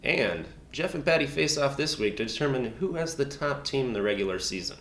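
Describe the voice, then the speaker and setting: Playful man with a lively, bouncing voice. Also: medium pitch, a little fast, creaky. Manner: playful, teasing banter. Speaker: guest co-host. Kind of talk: mock news recap. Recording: roomy echo.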